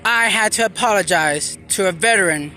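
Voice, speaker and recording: A man acting as a self-styled street preacher in a comic vlog sermon, speaking theatrically with dramatic pauses and repeated phrases. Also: high voice, sharp tone, faint music behind.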